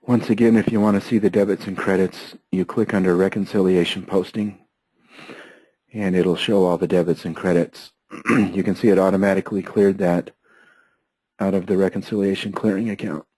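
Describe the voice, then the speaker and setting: A man teaching accounting software step by step, his voice hoarse and often interrupted by throat clearing. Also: deep voice, normal speed, no echo, poor audio. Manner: steady, methodical step-by-step explaining. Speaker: software trainer. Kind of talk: screen-share software tutorial.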